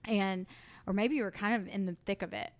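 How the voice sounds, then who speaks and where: A woman podcast host telling a story in an animated, chatty way. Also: medium pitch, a little fast. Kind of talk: casual storytelling.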